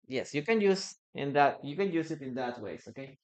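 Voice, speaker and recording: A man with a Peruvian Spanish accent, teaching English live online and repeating phrases slowly for learners. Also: mid-range voice, animated, darkish tone. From Peru. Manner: greets viewers by name and reads chat aloud.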